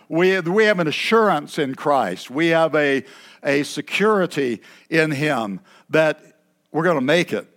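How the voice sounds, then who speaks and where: A man's voice: on the high side, animated, measured pace, fairly bright tone. Folksy preacher man, raised voice. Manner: folksy, chatty asides with throat-clearing. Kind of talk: sermon. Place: church.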